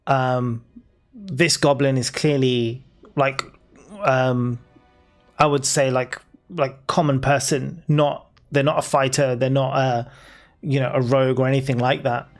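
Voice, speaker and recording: A man narrating as dungeon master in a casual tabletop game, laughing often and pausing with fillers. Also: mid-range voice, steady tone, soft background music. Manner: laid-back, laughing, lots of fillers. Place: home, live stream.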